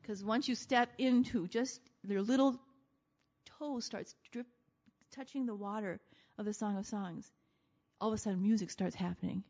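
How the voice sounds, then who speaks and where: A woman preaching a sermon in an animated way, laughing often and acting out voices as she talks. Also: mid-range voice, moderate pace. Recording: dull lo-fi sound.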